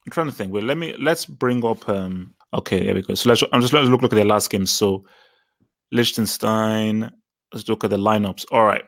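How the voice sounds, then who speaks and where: A man's voice: on the low side, normal speed. A man in casual football chat, thinking aloud and often stammering and restarting as he works through names. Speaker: podcast co-host.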